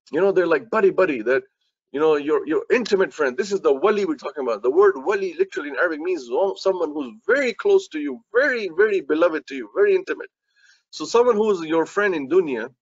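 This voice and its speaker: A man's voice: on the high side, no echo, dull audio. A man preaching as an imam in an earnest, repetitive sermon that speaks straight to his listeners.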